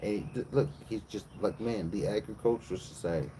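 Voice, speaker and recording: A man streaming live, retelling a bible story as comedy in a profane, slangy, animated way. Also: on the low side, a little fast, a little hiss or hum, rough recording.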